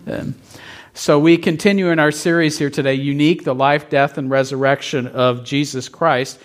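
A man in middle age preaches with a fairly high voice. He tells his story in a loose, chatty way and keeps checking in with the congregation. It sounds like a pastor talking to his own church. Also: steady tone, moderate pace. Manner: casual storytelling, asks the congregation questions. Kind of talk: conversational sermon.

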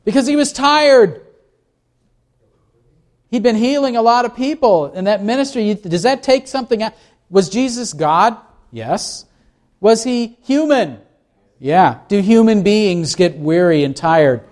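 A man's voice: high-pitched, animated, unhurried, a little mellow. A man preaching a sermon, reading scripture and asking the congregation questions as he explains it. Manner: asks the congregation questions, reads scripture aloud. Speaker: pastor.

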